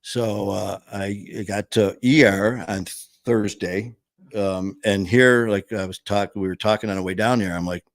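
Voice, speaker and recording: A middle-aged man with a lowish voice tells a rambling personal story in blunt, salty language. He talks close to the mic in a dry room with no echo. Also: a little slow. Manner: blunt, profane, animated storyteller. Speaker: podcast host. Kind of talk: casual storytelling.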